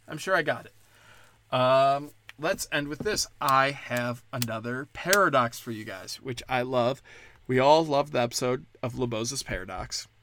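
A man's voice: mid-range voice, moderate pace, fairly bright tone. A man hosting a podcast, talking in a loose, rambling, sarcastic way and swearing often. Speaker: podcast host. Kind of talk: casual rambling monologue.

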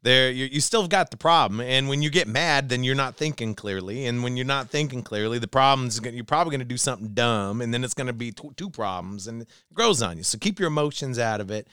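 A man's voice: mid-range voice, fast talker, few pauses, bright, forceful tone, clean tone, no room sound, studio quality. A man in casual podcast chat giving blunt, plain-spoken advice about raising his boys. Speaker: podcast participant.

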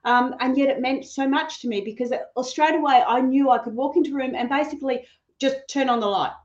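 A woman hosts a relaxed interview, her voice sitting fairly high. She talks fast and laughs easily. Her sound is roomy and a little dull, like a remote call. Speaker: podcast host. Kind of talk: casual interview chat.

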